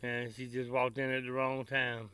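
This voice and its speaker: A man with a Tennessee Southern accent, a barbecue vlogger, chats to camera outdoors by his grill in a rambling, folksy manner packed with country slang. He speaks in a mid-range voice with a flat delivery at normal speed, and there's background noise.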